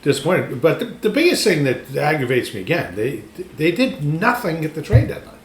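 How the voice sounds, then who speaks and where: A man's voice: on the high side, huge pitch swings, moderate pace. Man, raised voice, emphatic ranting sports talk, echoey room, faint background noise. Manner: emphatic, ranting, restarts sentences. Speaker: podcast co-host. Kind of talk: casual sports chat.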